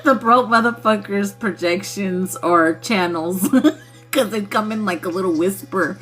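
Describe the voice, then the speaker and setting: A woman's voice: medium pitch, unhurried, a bit bright, faint music behind. A woman hosting a casual spiritual livestream who laughs often and swears freely in a loose, playful way. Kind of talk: casual chat with viewers.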